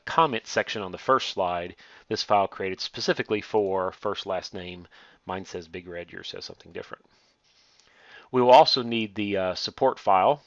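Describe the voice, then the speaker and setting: Man explaining software steps, dry sound. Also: sits low, no room sound. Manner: steady step-by-step explaining with frequent "uh" fillers. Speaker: instructor. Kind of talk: screen-recorded software tutorial.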